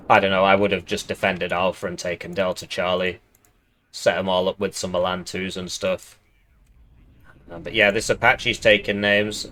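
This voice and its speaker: A man's voice: on the low side, bright, forceful tone, a little hiss or hum. A man casually commenting on a strategy game match, thinking aloud and drifting into side tangents.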